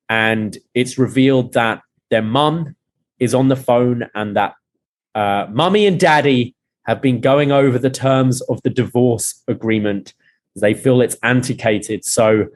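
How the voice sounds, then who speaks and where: A man's voice: mid-range voice, takes it slowly. Man retelling a TV scene with animation. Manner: retells scenes, reading out dialogue with rising emphasis. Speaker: podcast host. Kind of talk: casual recap of a TV episode.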